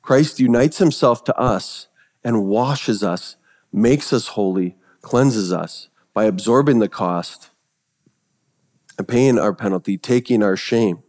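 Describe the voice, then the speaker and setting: A male pastor delivers a sermon through stories, moving between hushed, reverent passages and excited retellings. His voice is lowish and slow, with the sound of a big room.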